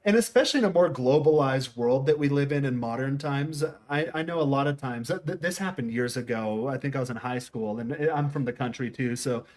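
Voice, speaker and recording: A middle-aged American man hosts a casual conversation, telling stories in a wandering way full of restarts and quoting people in their own voices. His voice is medium-pitched and a little mellow, and he talks a bit fast with hardly any pauses.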